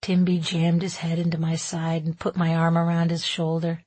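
A woman narrating a novel in the first person, telling it in a wry, measured way. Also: lowish voice, completely flat delivery, darkish tone, husky, no room sound. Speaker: audiobook narrator.

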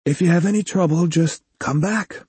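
A man reading as a gentle cybersurgeon. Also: on the high side, moderate pace, breathy edge, dry recording, pitched above the performer's own voice. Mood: reassuring. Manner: gentle, reassuring. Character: patient, kindly male cybersurgeon doctor.

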